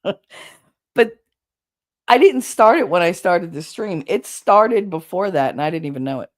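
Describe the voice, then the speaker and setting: Low-voiced woman chatting on a livestream. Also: lively intonation, unhurried. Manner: rambling, candid, swears casually. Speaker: livestream host. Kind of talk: casual chat with live chat.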